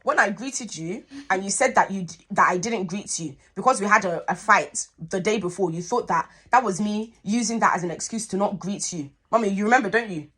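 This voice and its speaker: A woman's voice: mid-range voice, a little fast, hardly any pauses, fairly bright tone, breathy edge. A young woman, hosting a podcast and telling a story in a casual, emphatic way, repeating herself for emphasis. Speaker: podcast host.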